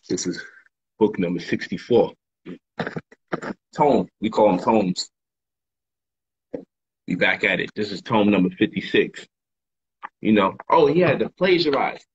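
A man talks straight to his livestream viewers, hammering his points through repetition and street slang. His voice is fairly low and husky. The stream audio is dull and lo-fi. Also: fairly bright tone. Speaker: livestream host and author. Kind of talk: casual livestream monologue.

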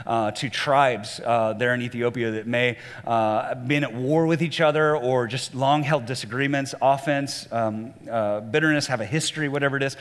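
Male pastor, mid-pitched voice, lively sermon delivery, recorded in a church auditorium with long reverb. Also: normal speed, few pauses. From Southern US. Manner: animated, acts out quoted voices at a much higher pitch. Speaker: lead pastor.

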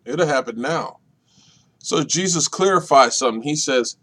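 A minister leading a Bible study, talking deliberately and repeating key points for emphasis. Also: male voice, animated. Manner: swings between loud emphasis and soft, low delivery.

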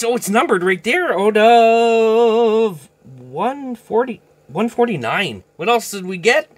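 A man hosting a card-opening vlog, excitable and given to shouted exclamations and mild minced oaths. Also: high voice, slow pace, vocal fry. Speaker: hockey card channel host.

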